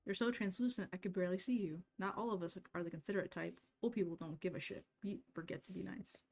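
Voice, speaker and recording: Woman voicing an old witch necromancer, brash, gruff, threatening, game dialogue read aloud. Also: lowish voice, steady tone, fast talker, darkish tone.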